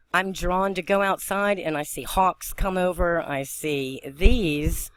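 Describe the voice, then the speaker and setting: A woman from western Pennsylvania vlogging on a phone, excitable and rambling as she talks, often breaking into laughter. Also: on the low side, no echo. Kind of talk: excited spiritual vlog narration.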